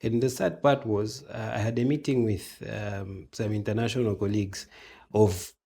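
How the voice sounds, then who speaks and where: Husky man telling a story. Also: on the low side, moderate pace. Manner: animated, acts out dialogue in quoted voices. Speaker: interview guest. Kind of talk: casual storytelling interview.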